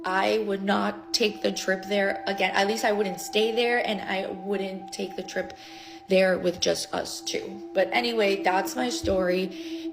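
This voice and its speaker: A woman telling viewers a travel story to camera in an animated, chatty way, with lots of fillers and restarts. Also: medium pitch, gravelly.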